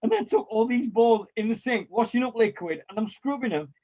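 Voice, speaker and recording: Bloke spinning old club stories, acts out what people said, bit sweary. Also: male voice, extremely high pitch, brisk. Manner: animated storyteller, mild swearing, acts out quotes. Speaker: former club volunteer and kit man. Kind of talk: casual chat, telling anecdotes.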